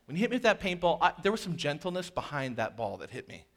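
A man preaching a sermon in an animated way, with jokey asides and quoted voices that he acts out. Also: fairly high pitch, quick pace. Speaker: pastor.

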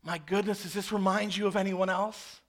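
High-voiced preacher, hushed to loud. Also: male voice, steady tone, normal speed. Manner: dramatic, swings from hushed to loud and intense. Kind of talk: sermon.

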